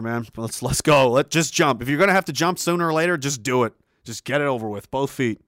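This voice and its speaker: A man's voice: medium pitch, lively intonation, fairly quick, few pauses, fairly bright tone, no room sound, clean studio sound. A man from Canada hosting a livestream, reading chat messages aloud in a profane, rambling and emphatic way. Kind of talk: casual livestream rant.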